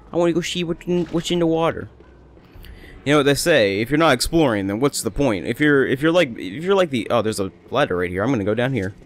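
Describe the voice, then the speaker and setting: A young man rambling chattily through casual gameplay commentary as a let's play host. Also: mid-range voice. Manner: rambling, chatty, self-amused.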